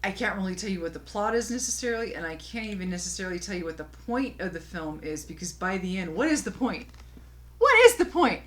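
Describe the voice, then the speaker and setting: A woman with a fairly low voice co-hosts a relaxed movie podcast. She speaks with animated emphasis and gets louder when she makes a point. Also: quick pace, few pauses. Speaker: podcast co-host. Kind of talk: casual movie review chat.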